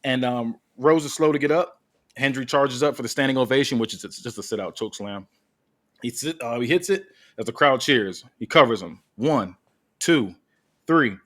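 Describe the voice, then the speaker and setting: A man's voice: mid-range voice, moderate pace, a bit bright. Man casually reading a wrestling story. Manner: casual reading with many fillers. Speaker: podcast host.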